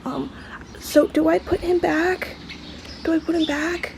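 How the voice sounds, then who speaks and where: Flustered high-voiced woman, shaky and breathless. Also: steady tone, unhurried, gravelly, a little mellow, a little hiss or hum. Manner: flustered, repeats herself, drops into whispers. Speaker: vlogger. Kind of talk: casual vlog filmed on the spot. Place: outdoors by a tree below an apartment. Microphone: handheld camera phone.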